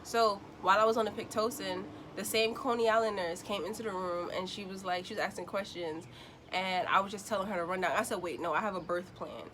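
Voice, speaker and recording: A woman's voice: mid-range voice, a little fast, a little hiss or hum. A young woman telling a casual storytime vlog, acting out the people she quotes. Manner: animated, acts out quotes in other voices. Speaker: vlogger.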